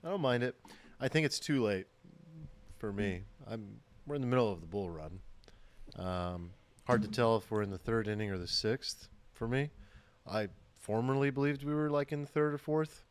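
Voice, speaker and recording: A man co-hosting a podcast, giving measured opinions in casual chat. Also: medium pitch, clear, resonant tone. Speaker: podcast co-host.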